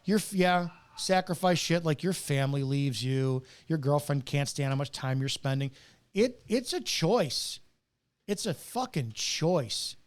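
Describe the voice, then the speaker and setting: A man's voice: fairly high pitch, expressive, unhurried. A middle-aged man, a retired police officer, delivering a bitter, profane, preachy rant with hard stressed words. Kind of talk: ranting monologue to camera.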